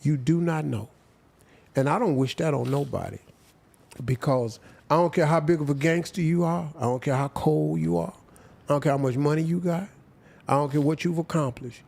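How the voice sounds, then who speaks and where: Gravelly older guy, aave, slow heartfelt storytelling, gets really quiet at the sad parts. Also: on the high side. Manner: slow, heartfelt, drops to near silence at emotional points. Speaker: interview guest. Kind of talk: emotional storytelling.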